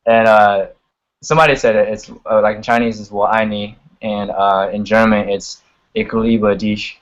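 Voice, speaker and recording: A man's voice: lowish voice, steady tone, a little fast, lo-fi sound. A young man chatting casually as a guest on a video call, full of "like" and "you know", swearing freely. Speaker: guest singer and rapper.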